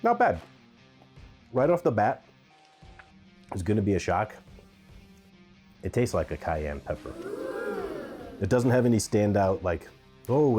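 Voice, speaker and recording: A man's voice: on the low side, dark tone. A man giving a casual, candid pepper tasting review, thinking aloud with the odd um.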